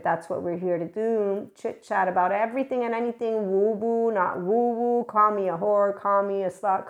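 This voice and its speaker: Woman host for a loose spiritual talk show, mid-pitched, rambles and laughs, swears freely. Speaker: podcast host. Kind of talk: casual spiritual monologue.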